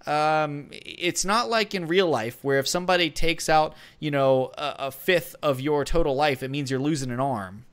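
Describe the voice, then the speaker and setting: A man's voice: a little high, normal speed, hardly any pauses, fairly bright tone, smooth. A man co-hosting a gaming podcast, giving casual strategy advice in a rambling way with many fillers and restarts. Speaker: podcast co-host.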